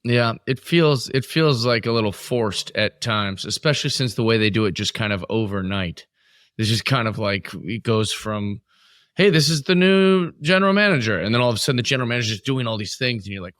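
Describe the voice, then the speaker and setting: A man's voice: on the low side, a bit bright, no echo, studio quality. A man co-hosting a podcast, chatting about wrestling in an easygoing, agreeable way. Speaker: podcast co-host. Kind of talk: casual wrestling chat.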